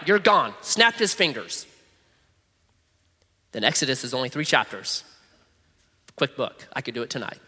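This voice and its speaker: A man preaching a sermon, reading scripture with animated, conversational, jokey asides. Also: high voice, in a large hall. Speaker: pastor.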